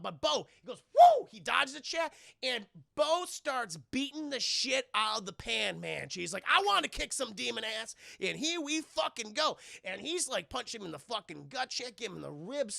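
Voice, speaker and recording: Young male streamer, bright gravelly voice, dry sound, profane and animated. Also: high-pitched, no room sound. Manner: profane, excitable, acts out characters' lines with yelps. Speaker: streamer reviewing a film for his chat. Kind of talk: animated spoiler recap to live chat.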